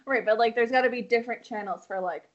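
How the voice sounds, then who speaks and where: A woman's voice: on the high side, fast. A woman in casual chat who laughs often and riffs playfully. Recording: slightly dull lo-fi sound.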